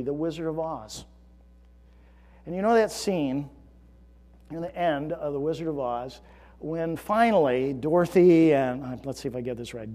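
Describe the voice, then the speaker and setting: Man, pastor, sermon, earnest, emphatic storyteller, fairly high voice. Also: in a large hall. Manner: earnest, rising to emphatic storytelling then hushed.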